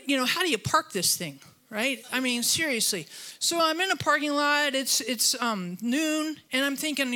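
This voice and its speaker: A woman preaching a church sermon, telling stories with lively, self-deprecating humor. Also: high-pitched. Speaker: guest preacher. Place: church auditorium.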